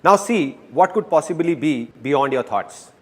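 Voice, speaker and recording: A man giving a dubbed motivational seminar talk, speaking to the audience in an animated and playful way. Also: fairly high pitch, measured pace, husky.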